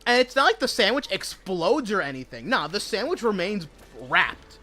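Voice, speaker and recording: A young man with a slightly high voice rambles through a story while he plays, swearing freely and tossing in slang. Faint game music runs underneath his casual, unscripted talk. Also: sing-song, moderate pace, sharp tone. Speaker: gaming streamer. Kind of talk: casual chat while gaming.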